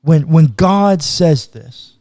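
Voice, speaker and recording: A pastor talks through a psalm in a relaxed podcast chat, his voice sitting a little high for a man. He is earnest but casual and slips into everyday speech. The sound is close and dry, with no room around it. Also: slow pace, no room sound. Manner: casual and earnest, slips into acted quotes of God. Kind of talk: podcast conversation, teaching on scripture.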